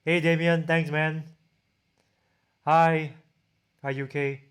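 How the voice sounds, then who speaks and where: A man from Singapore with a Singaporean accent, a tech reviewer chatting casually on a livestream and reading viewer comments aloud, often halting and restarting his sentences. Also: a little high, little pitch movement. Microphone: camera-mounted shotgun mic.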